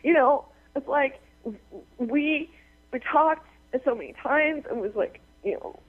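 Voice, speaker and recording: A woman on the phone to a radio show, halting and tearful as she talks. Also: high-pitched, no echo. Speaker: caller. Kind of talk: radio call-in conversation. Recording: tinny phone line.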